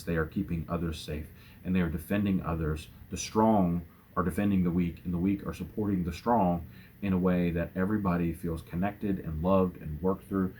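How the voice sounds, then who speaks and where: A man talking casually and earnestly about books in a home vlog, gentle, with fillers and restarts. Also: low voice, slight background noise. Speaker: booktuber. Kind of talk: casual book tag vlog.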